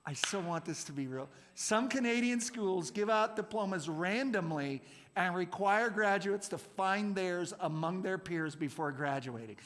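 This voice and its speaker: A man's voice: high-pitched, animated, measured pace, fairly bright tone. A man running a playful real-or-fake quiz with a youth group at a church service, jokey and laughing often. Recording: long hall reverb.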